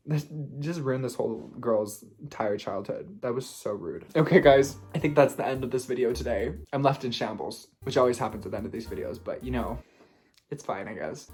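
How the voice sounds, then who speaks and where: A man hosting a video, reading posts aloud and reacting to them expressively, swinging between playful and hushed. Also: mid-range voice. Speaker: video host.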